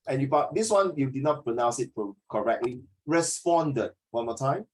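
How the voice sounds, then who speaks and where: A man coaching a student one-on-one for an oral exam, blunt and animated, mixing in Mandarin words. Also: mid-range voice, a little fast. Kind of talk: one-on-one tutoring.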